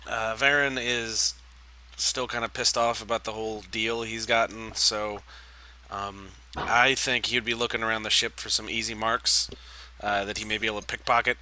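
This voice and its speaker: A man's voice: on the low side, fairly even intonation, moderate pace, noisy background. A man playing a tabletop game who talks in a casual, easygoing way. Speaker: player. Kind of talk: casual chat at a gaming table.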